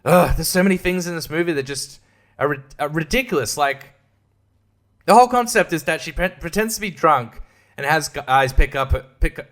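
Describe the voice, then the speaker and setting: A man with a fairly high voice rants about a movie on his podcast. He swears freely, laughs at his own jokes and mocks the characters with quick, sarcastic impressions. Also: expressive, a bit bright. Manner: sarcastic, mocking impressions, profane, laughs often. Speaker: podcast host. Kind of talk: casual film review rant.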